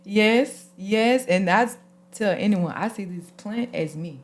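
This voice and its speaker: Woman host, AAVE, lively and emotional, moves between hushed and loud. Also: mid-range voice, a little slow. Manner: expressive, animated, swings from soft to loud. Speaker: podcast host. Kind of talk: casual, emotional conversation.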